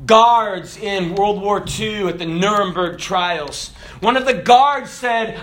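A man preaching a sermon, animated, swinging from loud shouted peaks to soft low asides. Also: takes it slowly, few pauses.

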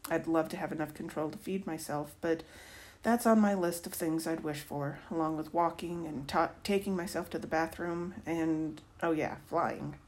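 A woman, a teacher, reading a novel aloud in an expressive first-person voice. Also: sits low, moderate pace.

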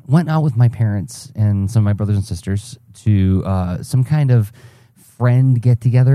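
Guy hosting his own podcast, low dark mellow voice, rambly storyteller, lots of ums. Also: no echo, studio quality. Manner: rambling, storytelling with many fillers and restarts. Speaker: podcast host. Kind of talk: casual solo podcast monologue.

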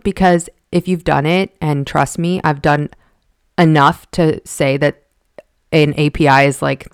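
A woman's voice: deep voice, clean tone, no room sound. Woman, podcast host, casual monologue, frank and exasperated, swears, dry close sound.

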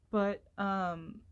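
A young woman rambling alone into a headphone microphone, self-deprecating and apologetic, with many filler words and slow pauses while she searches for words. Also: mid-range voice, a little mellow. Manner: speaks slowly, pauses to find words. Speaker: solo podcaster. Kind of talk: rambling solo chat.

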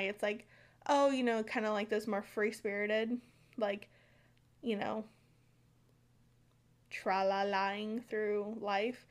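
American woman, podcast co-host, casual, talky, filler-prone. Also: medium pitch. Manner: chatty, filler-heavy, reads folklore aloud with stumbles.

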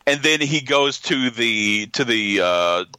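A man hosting a podcast, in casual film chat, speaking haltingly and often restarting while he searches for words. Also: mid-range voice, expressive, sharp tone, smooth, no echo. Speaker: podcast host.

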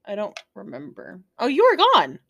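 A young woman co-hosting a podcast in casual chat, giggly and animated when telling stories. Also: mid-range voice, normal speed, creaky, husky, no room sound. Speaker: podcast co-host.

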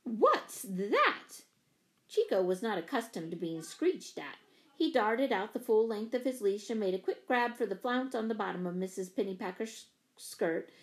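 A woman narrating a children's story aloud, with expressive shifts in pitch and volume. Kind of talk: storybook reading.

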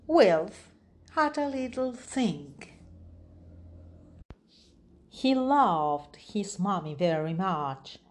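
A woman reading a children's story aloud, expressive and lingering on words. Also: mid-range voice. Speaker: storybook reader. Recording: music playing underneath.

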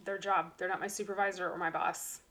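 A woman's voice: lowish voice, brisk. A woman, a teacher co-hosting a podcast, chatting casually and acting out children's voices as she tells stories. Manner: animated storyteller, acts out kids' voices. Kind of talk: casual chat.

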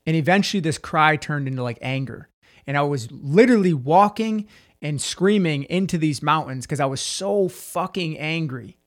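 Casting: male podcast guest, fairly high voice, intense, emphatic, profane storyteller. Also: animated, moderate pace. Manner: intense, swears freely, emphatic repetition. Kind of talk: candid storytelling.

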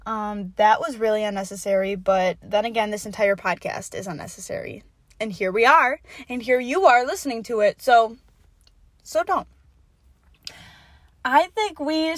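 A young woman hosting her own solo podcast, rambling and swearing freely, swinging between low mutters and loud yelling. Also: no room sound. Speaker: podcast host.

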